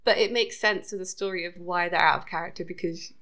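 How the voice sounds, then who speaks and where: A woman's voice: on the low side, fairly even intonation, fast talker, fairly bright tone. A British woman co-hosting a podcast, chatting casually about a TV episode and laughing often. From United Kingdom. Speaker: podcast co-host. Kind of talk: casual chat recapping a TV episode.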